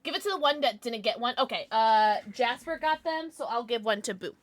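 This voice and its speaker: A woman live streamer chatting casually with her viewers, chatty and quick to swear. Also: a little high. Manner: chatty, lively, swears freely.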